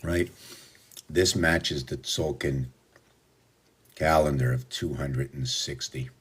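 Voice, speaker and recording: A man with an extremely deep, husky voice rambles through a number pattern. He talks slowly, restarts often and counts out sequences aloud. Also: fairly even intonation, a bit bright. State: out of breath at times. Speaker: vlogger explaining a number pattern. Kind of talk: rambling explanation to camera.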